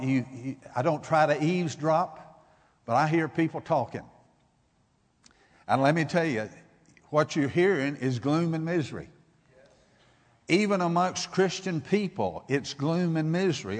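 A man preaching a sermon, moving from measured teaching to loud, emphatic exhortation. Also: fairly high pitch, in a large hall. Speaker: guest preacher.

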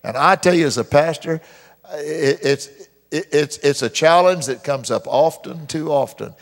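Pastor preaching in a reverberant hall. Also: male voice. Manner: preaching with dramatic emphasis, repeats verses slowly and loudly; mimics complainers in a high whiny voice. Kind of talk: sermon. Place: church sanctuary. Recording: long reverb of a church hall.

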